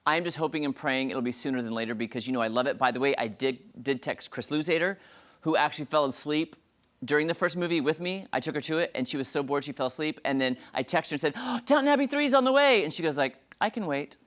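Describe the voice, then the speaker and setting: A man hosting an entertainment review segment on a morning TV show, talking in a gushing, dramatic, excited way. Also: medium pitch, quick pace.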